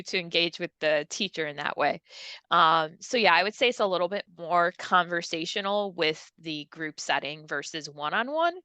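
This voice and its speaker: A woman's voice: lowish voice, sharp tone, clean tone, no room sound. A woman in her thirties, a language teacher, chatting in an interview, upbeat and laughing often as she demonstrates sounds. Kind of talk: casual interview chat.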